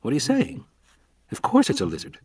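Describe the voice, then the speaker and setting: Chatty, evasive scientist, read by a man: husky, mid-pitched, recorded from a distance. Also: wildly swooping pitch, a little fast, a little mellow, heavily acted. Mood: insistent. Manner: talkative and explaining.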